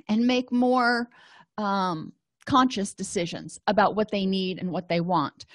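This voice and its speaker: Using everyday examples and quoting self-talk, a woman who works as a counselor and trainer lectures in a conversational style. Her mid-range voice has no room sound.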